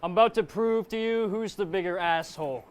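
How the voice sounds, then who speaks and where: A man's voice: sits high, fairly quick, clear, resonant tone. A man performing a live battle rap verse, aggressive and taunting, firing punchlines at his opponent. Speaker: battle rapper. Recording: live crowd noise around. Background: crowd.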